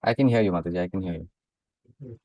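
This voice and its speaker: A man's voice: low voice, moderate pace, a little mellow, dry recording, low-quality recording. A man moderating an online session over a video call, polite and repeating himself. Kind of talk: casual call chat.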